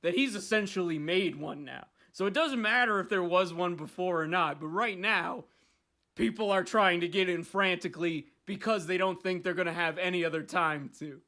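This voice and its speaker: A man's voice: sits high, moderate pace. A young man hosting a podcast, rambling and swearing in casual chat. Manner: rambling, profane, animated. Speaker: podcast host.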